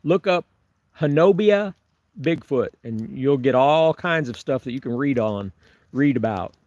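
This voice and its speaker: A man's voice: medium pitch, normal speed, darkish tone, no echo, dull audio. A man doing a casual livestream from a remote forest campsite, answering viewer comments in a rambling way with chuckles and restarts. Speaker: Bigfoot researcher vlogger. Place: camping on remote forested property.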